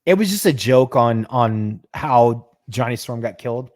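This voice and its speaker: A man co-hosting a podcast chats casually, retelling scenes with loose energy, stumbling and restarting often, and swearing freely. His medium-pitched voice moves a little slowly. He sounds close and dry on the mic, with no room sound at all.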